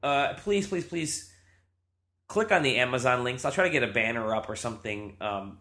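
Bright-voiced male podcast host. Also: mid-range voice, expressive, normal speed. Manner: laughing, rambling with restarts. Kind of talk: casual podcast chat.

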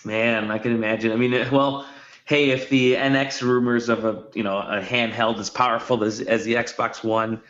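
A man's voice: medium pitch, flat delivery, normal speed, a bit bright. A man hosting a podcast, chatting casually about video games, rambling with restarts and filler words. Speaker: podcast host. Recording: roomy, dull lo-fi sound.

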